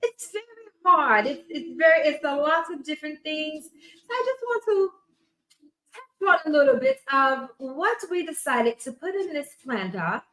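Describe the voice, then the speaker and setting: A woman's voice: sits high, big pitch swings, normal speed, pushed and bright, roomy sound, pitched above the performer's own voice, heavily acted, low-quality recording. Woman putting on a prim British-ish professor. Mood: formal. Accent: put-on British. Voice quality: accent that slips and wobbles. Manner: formal and genteel, says "dear".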